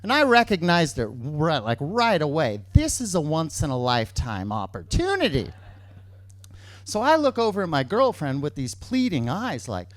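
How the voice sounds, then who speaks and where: A man telling a true story on stage, lively and repeating key lines for emphasis. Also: fairly high pitch, normal speed, no room sound.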